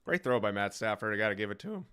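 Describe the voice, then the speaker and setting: A young man streaming live play-by-play reactions to a football game, calling the action and reacting excitedly, his voice starting to wear out. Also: lowish voice, fast talker, clear, resonant tone. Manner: excited commentary, reacting aloud to plays.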